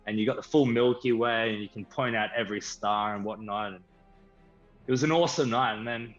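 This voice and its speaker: An Australian man, a band member guest, telling a story with lively enthusiasm. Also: lowish voice, fairly quick. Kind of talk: casual storytelling. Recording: slightly dull stream audio with faint music.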